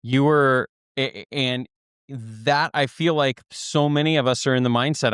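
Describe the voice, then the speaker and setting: A man hosting a podcast, speaking in a measured, reflective way. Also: medium pitch, fairly even intonation, fairly bright tone, clean tone, no echo, clean studio sound. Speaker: podcast host. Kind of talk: casual chat.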